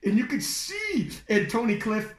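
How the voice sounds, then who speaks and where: A man hosting a podcast interview, talking fast and excitably with lots of swearing and animated storytelling. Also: high-pitched. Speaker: podcast host. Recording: echoey room.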